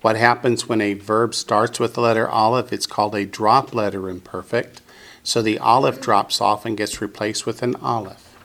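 A man's voice: fairly low pitch, fairly even intonation, normal speed, fairly bright tone. A man teaching Biblical Hebrew in a classroom, patiently drilling students with call-and-response.

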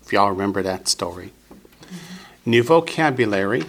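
A man's voice: on the low side, animated, normal speed, fairly bright tone. A man teaching Biblical Hebrew in a classroom, patiently drilling students with call-and-response.

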